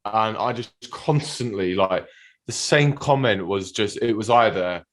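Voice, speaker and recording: A man's voice: on the low side, a little slow. A man, a guest cricketer, telling a rambling, giggly story in casual chat.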